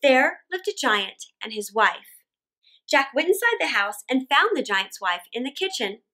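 Animated woman reading a kids' story. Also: high voice, measured pace. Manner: animated, expressive, with dramatic gasps. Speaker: children's storyteller. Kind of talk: read-aloud storytelling for children.

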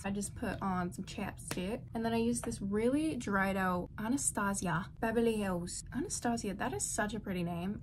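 A woman's voice: medium pitch, a little hiss or hum. Teen girl vlogger, put-on Southern country accent, rambling casual chat, self-deprecating. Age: teens. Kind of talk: casual vlog while doing makeup.

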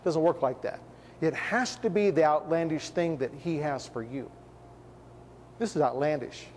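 A man preaching a sermon, firing off rhetorical questions with emphasis and sinking into a hushed tone for personal stories. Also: on the high side, normal speed, big-room sound, slight background noise.

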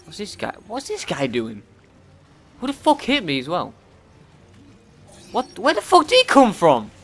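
Sweary gamer, lively bright voice. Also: male voice, sits high, unhurried, faint music behind. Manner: profane, yells at the game in frustration. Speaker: let's play gamer. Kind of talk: gameplay commentary.

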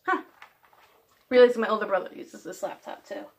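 The recording is very noisy as a teenage girl talks on her vlog at a moderate pace in a medium pitch. Her casual chat is giggly, self-deprecating and scattered, skipping from one thing to another.

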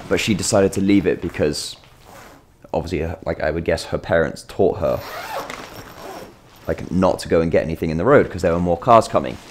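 A man's voice: deep voice, a little mellow, a little hiss or hum. A man telling a long, rambling anecdote in a casual vlog, full of self-deprecating jokes and asides. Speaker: vlogger.

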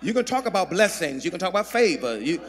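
Male pastor, high voice, sermon with call-and-response, reverberant sanctuary. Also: very animated, fast, breathy edge. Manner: preaching with call-and-response, shouting and dropping to murmurs. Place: large church sanctuary. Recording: long hall reverb.

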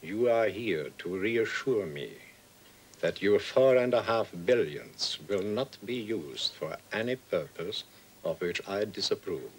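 A man's voice: lowish voice, expressive, a little hiss or hum, poor audio. A cynical, menacing old man. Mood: cold menace. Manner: slow, measured and coldly threatening. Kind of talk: feature film dialogue.

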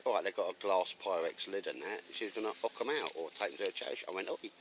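A man's voice: low-pitched, fast, slight background noise, low-quality recording. A middle-aged man, chatting casually with a friend outdoors, rambling and calling people mate. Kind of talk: casual chat. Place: outdoors in woodland.

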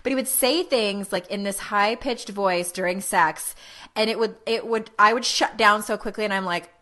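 Woman in her forties, podcast host, bright crisp tone, candid and self-mocking. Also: mid-range voice, moderate pace. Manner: candid, laughing, self-deprecating. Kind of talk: casual podcast chat.

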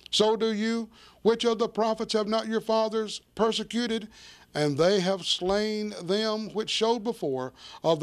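Man, preacher, sermon, high voice, reads scripture then explains it plainly, calls listeners folks. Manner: addresses listeners directly as folks.

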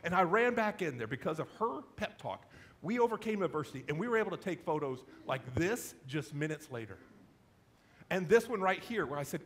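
A middle-aged man preaching a sermon, telling a self-deprecating story in an animated, conversational way. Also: high voice, brisk, breathy edge. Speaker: pastor.

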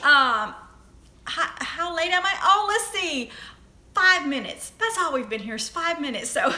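A woman's voice: high-pitched, lively intonation, takes it slowly, bright, forceful tone. A middle-aged woman with a Southern US accent hosting a casual livestream chat, chatty and greeting viewers by name. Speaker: livestream host. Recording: echoey room.

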